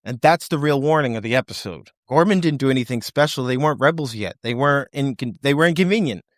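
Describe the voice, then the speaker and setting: A man's voice: mid-range voice, lively intonation, fast, dry recording, studio quality. A man hosting a podcast, delivering a sardonic, impassioned commentary monologue and mock-quoting officials in put-on voices. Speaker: podcast host.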